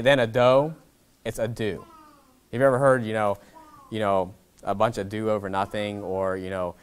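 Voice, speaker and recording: A man, a pastor teaching a Bible class in a blunt, combative, conversational way, with frequent "okay?" asides. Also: mid-range voice.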